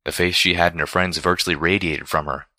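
Male story reader, very low pitch, bright forward tone, steady storytelling. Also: a little fast, no room sound, clean studio sound. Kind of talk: fan fiction read aloud.

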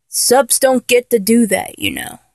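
A woman's voice: a little high, wildly swooping pitch, measured pace, gravelly, a little mellow, dry recording, full character voice. A woman playing a flustered young lover who keeps trying and failing to act dominant, in a comedic audio role-play, talking in an exasperated, self-correcting way.

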